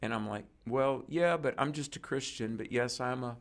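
A man's voice: mid-range voice, normal speed. A man, a preacher, telling a story in conversation and acting out the lines of the people in it. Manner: animated storyteller acting out quoted dialogue. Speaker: guest preacher.

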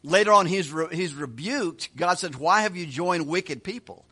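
Man, pastor, Bible study teaching, acts out the characters, chuckles, bright tone. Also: high voice, expressive, breathy edge. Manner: retells scripture with quick voiced asides and chuckles.

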